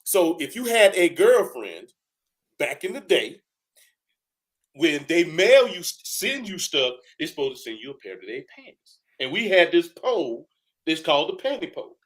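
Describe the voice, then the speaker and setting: A man's voice: on the high side, normal speed. An older man, a retired army first sergeant, telling stories from basic training in a loose, conversational way on a video call. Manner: lively, animated, acts out the people in his stories. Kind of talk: casual storytelling.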